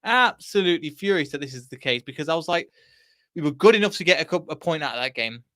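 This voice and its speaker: A man hosts a fan reaction stream from home in a voice pitched a bit high. He rambles and vents his frustration. The sound is dry and close, with no room echo. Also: lively intonation, fast talker, bright, forceful tone. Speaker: fan channel host. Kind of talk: post-match fan reaction livestream.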